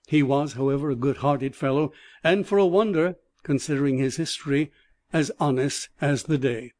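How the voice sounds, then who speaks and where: Brief: male audiobook reader, slightly high voice, dry close recording. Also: normal speed, darkish tone, no room sound. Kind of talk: first-person audiobook narration.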